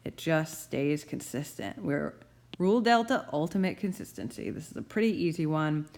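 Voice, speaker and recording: A young adult woman teaching grammar rules, stressing key terms slowly and deliberately. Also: low voice, lively intonation, darkish tone.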